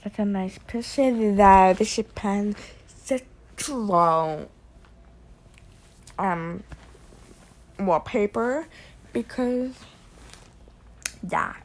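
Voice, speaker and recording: A woman rambling casually in a vlog from her bedroom late at night, repeating herself and drifting between loud ranting and quiet near-whispers. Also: mid-range voice, extremely slow, long pauses. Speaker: vlogger.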